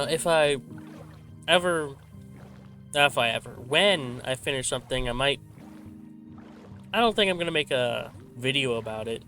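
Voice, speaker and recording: A man with a medium-pitched, sharp-toned voice hosts a laid-back gaming channel, rambling through commentary as he plays. He corrects himself often and has a slight stutter. He speaks into a desk microphone fitted with a simple filter.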